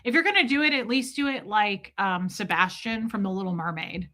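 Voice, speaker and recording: A woman's voice: mid-range voice, fairly quick. An American woman hosting a livestream, chatting casually and emphatically with her viewers. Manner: animated, emphatic, mock accents. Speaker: livestream host.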